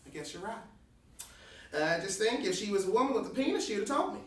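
A man doing a crude, boastful park ranger with a high, bouncy voice that leaps all over. He sounds brash and excitable in a comedy sketch, set back from the mic in a roomy space. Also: quick pace. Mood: banter. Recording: roomy, distant-mic recording.

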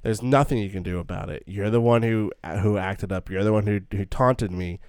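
A man's voice: fairly low pitch, normal speed, darkish tone, clean tone, no room sound, studio quality. A man co-hosting a casual film discussion, earnest and thinking aloud with many stumbling restarts. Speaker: podcast co-host.

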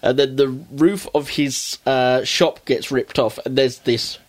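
A man's voice: medium pitch, measured pace. Man retelling a cartoon plot. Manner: animated storytelling, acting out characters' lines with raised voice. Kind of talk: casual chat.

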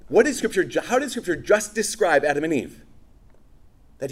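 A man preaching a sermon, telling stories and acting out quoted voices with animated energy. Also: fairly high pitch, normal speed, long pauses, husky.

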